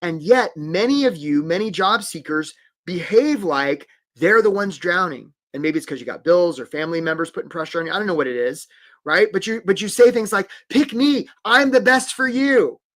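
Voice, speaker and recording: A man's voice: a little high, expressive, a little fast. A man coaching job seekers in a live webinar, upbeat and encouraging, calling out viewers by name.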